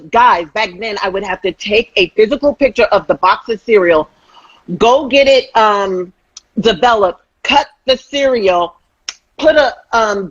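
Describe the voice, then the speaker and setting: Husky woman, animated storyteller, dull lo-fi recording. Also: mid-range voice, dry recording. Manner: animated storyteller, acts out quotes. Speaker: host. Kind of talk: casual chat.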